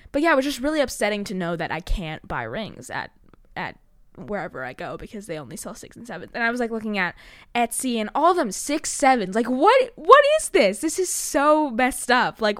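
A woman's voice: medium pitch, dry recording, clean studio sound. A sixteen-year-old girl hosting her own podcast, chatting casually with lots of fillers, swearing and self-mocking jokes. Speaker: podcast host. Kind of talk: casual solo podcast chat.

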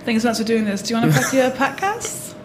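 A woman's voice: fairly high pitch, big pitch swings, quick pace, reverberant, a loud crowd, low-quality recording. A woman hosting a podcast interview, playful and teasing, laughing often while asking questions. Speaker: podcast host. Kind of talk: casual interview conversation.

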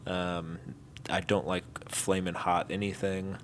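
A man's voice: deep voice, level tone, slow, slight background noise. A man co-hosting a casual chat podcast, talking in an easygoing way and laughing often. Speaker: podcast co-host.

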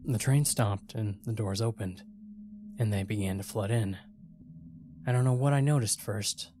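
A man's voice: lowish voice, normal speed, noisy background. A man narrating a first-person horror story in a tense, dramatic way.

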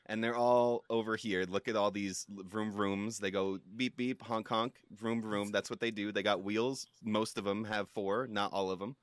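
A man's voice: on the low side, dry recording, natural voice. A man playing a rambling, bumbling car salesman. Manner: rambling, stumbling, deadpan nonsense. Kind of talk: improvised comedy skit.

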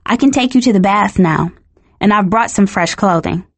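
A woman's voice: mid-range voice, normal speed, vocal fry, no echo. A woman voicing an innocent, enthusiastic teenage girl in a storybook reading, speaking earnestly. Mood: eager.

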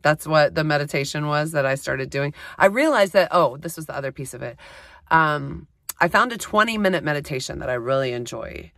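Casting: chatty woman podcast host, low voice, dry close sound, recorded on a phone in a closet. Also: animated, a little fast, a bit bright, no room sound. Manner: chatty, self-deprecating, lots of fillers. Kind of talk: casual solo podcast talk. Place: small closet.

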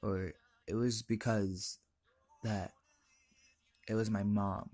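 A man's voice: on the low side, flat delivery, slow, darkish tone, dry recording. A teenage boy hosting his own podcast, telling a personal story in an earnest, emotional, confiding way. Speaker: podcast host.

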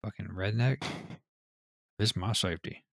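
A man's voice: on the low side, normal speed, dry recording, clean studio sound. A man co-hosting a casual gaming podcast, reading news items and riffing with loose, profane chatter. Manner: reads news items then riffs loosely, swears often.

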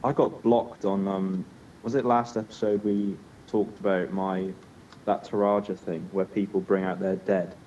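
A young man trades crude, teasing banter on a casual podcast. His voice sits low and mellow. He sounds a little distant from a dull-toned mic. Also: flat delivery, unhurried, a little hiss or hum. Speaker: podcast co-host. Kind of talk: casual chat.

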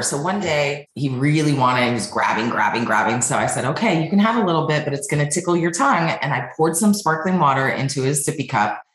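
A woman, a company founder, telling her story in a casual interview and acting out the people she quotes. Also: sits low. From Denver area. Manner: animated, acts out quoted voices. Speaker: podcast guest, company founder. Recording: echoey room.

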